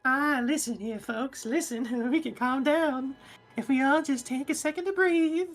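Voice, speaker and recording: A woman's voice: sits high, measured pace, soft background music, voice pushed up. A woman voicing a nervous male goblin who pleads and wheedles in a salesman's patter. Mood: pleading.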